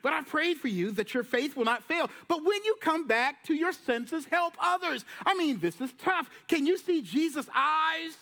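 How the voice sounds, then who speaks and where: A man preaching a sermon from a church, telling the story with lively voices and casual slang. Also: very high voice, moderate pace, few pauses. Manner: lively storytelling, acting out Jesus and disciples in slang. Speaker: pastor. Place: church sanctuary.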